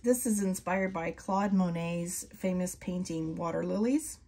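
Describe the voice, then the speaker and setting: A woman chatting casually as she swatches fountain pen inks. She is soft-spoken, and her voice drifts into whispers now and then. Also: lowish voice, a little slow. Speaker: ink reviewer. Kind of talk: casual chat while swatching ink.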